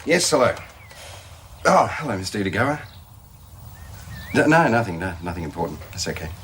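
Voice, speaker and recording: An actor playing a driven, shady businessman in a 1980s TV soap, brisk and fawning on the phone. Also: lowish voice, big pitch swings, noisy background. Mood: smooth. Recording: soap clip with music behind.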